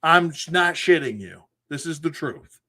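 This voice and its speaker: A man's voice: on the high side, expressive, measured pace, bright, forceful tone. A man hosting a collectors' show, telling a frustrating customer service story in a casual, exasperated way with acted quotes. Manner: exasperated, retells phone calls in acted quotes.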